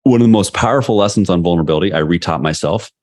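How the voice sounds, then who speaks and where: A man's voice: low voice, very fast, darkish tone. A middle-aged man, a sales leadership coach, telling candid stories in an interview with many restarts. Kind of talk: storytelling interview answers.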